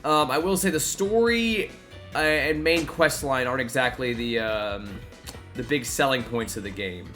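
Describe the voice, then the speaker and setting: A man with a bright, forceful voice talks through a live game stream, chatty and reactive. Faint music plays underneath him. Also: mid-range voice, measured pace. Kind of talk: casual gameplay commentary.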